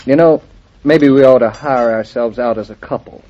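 A man's voice: medium pitch, moderate pace, dark tone, highs cut off, close to an everyday voice. An actor playing a playful, wry young husband in an old radio drama, trading jokes with his wife. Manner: joking, teasing banter.

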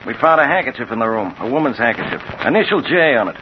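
An actor playing a brusque police captain who talks in a dry, matter-of-fact, teasing way, in a 1940s-style radio drama on a dull old broadcast recording. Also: male voice, mid-range voice, sing-song, fast, slight background noise, close to an everyday voice.

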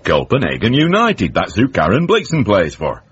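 Uncle Mort, blunt and deadpan. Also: male voice, on the low side, moderate pace, slightly rough, full character voice. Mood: gruff. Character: gruff, dry-witted older northern uncle. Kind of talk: 1980s radio comedy acting. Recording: dull, faintly hissy radio recording.

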